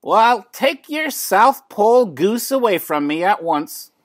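An older man voicing a flustered, scolding neighbor woman in a high, exclaiming voice. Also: sing-song, slow, no room sound, studio quality, exaggerated voice. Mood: alarmed.

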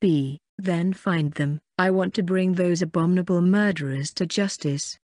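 Audiobook lord, fat, scheming and pompous, read by a flat synthetic narrator. Dry, close sound. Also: medium pitch, moderate pace, no echo, natural voice. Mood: indignant.

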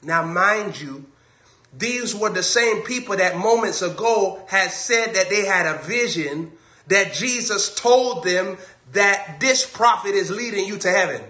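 A man's voice: high voice, a little slow, sharp tone, reverberant. A man preaching a sermon on a livestream, emphatic and repetitive, hammering his key phrases over and over.

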